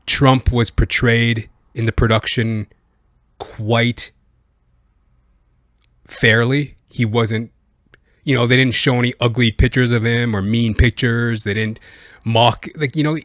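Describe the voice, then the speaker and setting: A man's voice: mid-range voice, fairly bright tone, dry recording, clean studio sound. A man hosting a podcast, giving comedic political commentary in a rambling way full of fillers. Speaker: podcast host.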